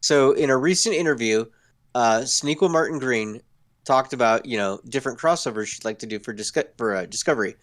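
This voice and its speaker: A male podcast co-host reading out the news in casual chat. He talks in an easygoing, agreeable way and often pauses on fillers as he gathers his thoughts. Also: mid-range voice.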